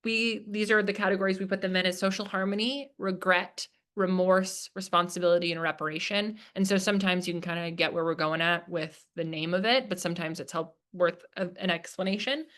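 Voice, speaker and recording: At a business workshop, a woman gives a casual lecture in a presentation room, chatty and full of fillers, acting out quoted lines as she explains. Her lowish voice holds a steady tone, brisk with few pauses and a bit bright.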